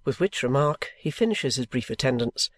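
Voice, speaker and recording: A man reading a novel aloud as an audiobook narrator, with a measured, even delivery. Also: medium pitch. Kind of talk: scripted narration.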